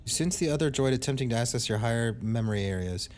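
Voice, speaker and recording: A man streaming a video game, reading its text aloud and chatting casually, with quick, frustrated reactions. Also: mid-range voice, expressive, darkish tone, faint music behind.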